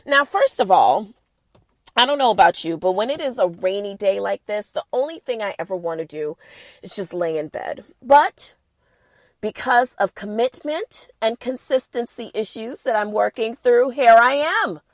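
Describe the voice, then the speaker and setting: A woman hosting a casual podcast, sassy and animated, talking while she has a cold. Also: mid-range voice, normal speed, no room sound. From the Bronx. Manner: sassy, animated, playful asides. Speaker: podcast host. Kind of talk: casual chat.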